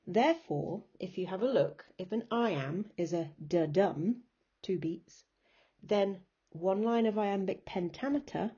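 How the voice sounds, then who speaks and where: Slow, husky woman teacher. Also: mid-range voice, mellow, muffled recording. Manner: patient, explains step by step and chants rhythms aloud. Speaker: English teacher. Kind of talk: recorded remote lesson.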